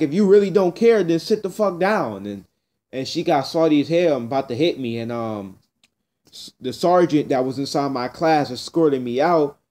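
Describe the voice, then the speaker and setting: A teenage boy tells a story straight to camera, rambling and blunt, often circling back to the same point. His voice sits a little high and sounds warm and mellow. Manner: blunt, rambling, repeats himself. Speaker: vlogger. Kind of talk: casual storytelling rant.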